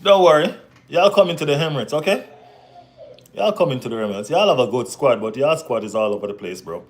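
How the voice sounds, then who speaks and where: A man hosting a casual football live stream, talking straight to his chat viewers. He banters and teases. He keeps dropping "you know what I mean" and "bro" as he answers them. His voice sits at an ordinary middle pitch. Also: expressive, quick pace. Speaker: football channel host reading live chat.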